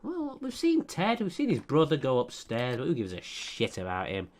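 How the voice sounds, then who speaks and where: A man's voice: mid-range voice, wildly swooping pitch, normal speed, hardly any pauses, darkish tone. A man commentating over a life-sim game, sarcastic and profane as he scolds the characters. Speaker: let's play commentator.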